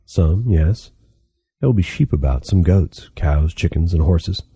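A man's voice: deep voice, animated, unhurried, dark tone, slightly rough, no echo, clean studio sound, heavily acted. A man voicing a stern, impatient mentor figure in an audiobook, curt and scolding. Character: stern harsh male mentor, impatient and cold. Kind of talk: audiobook character reading.

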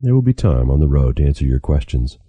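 A man's voice: very deep voice, very animated, quick pace, mellow, husky, no echo, heavily acted. An author reading aloud, voicing a friendly, easygoing male traveler who talks lightly.

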